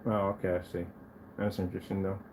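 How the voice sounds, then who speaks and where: A man testing and showing off his own projector screens, talking casually to the camera and to himself, proud and quick to defend his product. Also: low-pitched, creaky, noisy background. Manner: animated, talks to himself as he browses.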